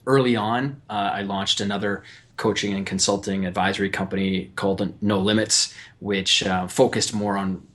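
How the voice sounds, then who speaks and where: A man who coaches athletes, talking on a podcast call from his child's bedroom into a mic on a shelf, relaxed and quick to laugh. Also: lowish voice. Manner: relaxed storyteller, laughs easily. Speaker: guest, performance coach. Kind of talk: remote interview. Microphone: desktop USB mic on a shelf.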